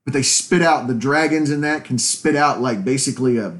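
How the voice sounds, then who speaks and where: A man co-hosting a casual podcast chat, animated and laughing often. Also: medium pitch, fairly quick. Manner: animated, laughs often, quotes scenes in put-on voices. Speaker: podcast co-host.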